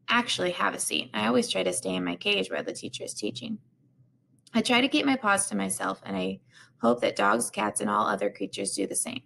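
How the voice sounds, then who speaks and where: A woman's voice: medium pitch, gravelly, fairly bright tone. A woman reading a children's chapter book aloud, stumbling and restarting now and then. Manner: unpolished reading with restarts and repeated words.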